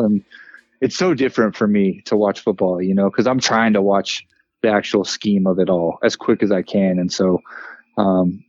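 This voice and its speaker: A man in his thirties, a former player and coach, chatting on a podcast in an even-keeled, relaxed way with lots of fillers. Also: low-pitched, moderate pace, no echo, muffled recording. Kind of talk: casual podcast chat.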